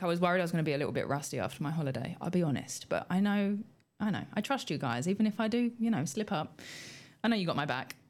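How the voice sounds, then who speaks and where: Casting note: young British woman, radio host, low voice, chatty studio delivery with frequent ums. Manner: chatty, lots of ums, light laughs. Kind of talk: casual radio chat.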